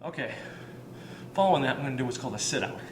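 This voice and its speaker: A man demonstrating warm-up drills as a fitness coach, talking with energy and counting reps as he exercises, sometimes out of breath. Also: mid-range voice, animated, rapid-fire. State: out of breath at times. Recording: roomy, distant mic with ambient noise.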